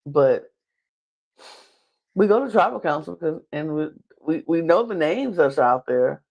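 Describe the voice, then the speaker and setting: A woman recapping a reality show in casual talk. She is animated, laughs often, and acts out other people's lines with big jumps in pitch. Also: measured pace, pauses often, dull audio. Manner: laughs often while talking. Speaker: podcast guest.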